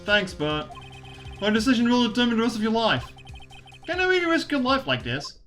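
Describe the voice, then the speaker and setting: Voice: mid-range voice, very animated, a little fast, fairly bright tone, faint music behind. A streamer reading the lines of an earnest, determined young male defense lawyer from a visual novel game, at times hesitant.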